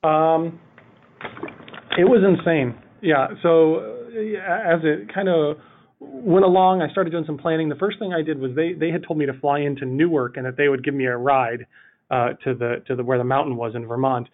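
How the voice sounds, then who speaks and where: A man, a guest on a podcast, telling a funny anecdote in an animated, rambling way full of "like". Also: fairly high pitch, moderate pace. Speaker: podcast guest, city project manager. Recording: tinny phone-line audio.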